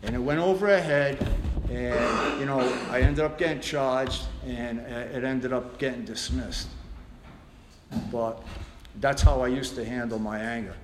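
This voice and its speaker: A man's voice: medium pitch, measured pace. Blunt man in an echoey hall. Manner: blunt, profane storytelling with many restarts. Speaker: recovery meeting speaker. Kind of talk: personal recovery share. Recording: echoey room with background noise.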